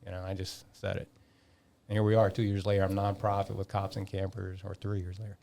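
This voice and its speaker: A man in his fifties telling a long story in a casual podcast chat, animated, swearing freely and acting out the dialogue. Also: deep voice, a little fast, vocal fry. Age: 50s. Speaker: podcast guest.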